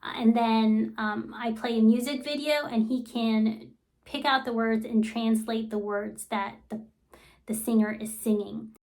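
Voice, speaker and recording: Woman, 30s, casual vlogger, slightly high voice, enthusiastic and chatty. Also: steady tone, a little slow, a little mellow. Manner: enthusiastic, fond storytelling with many fillers. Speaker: vlogger and homeschooling mother. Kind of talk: casual vlog talk.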